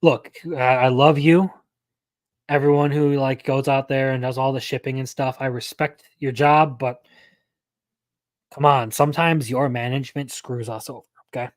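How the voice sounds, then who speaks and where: A man's voice: medium pitch, fairly even intonation, normal speed, dry recording. A young man hosting a live anime news stream, talking casually and rambling, often correcting himself mid-sentence.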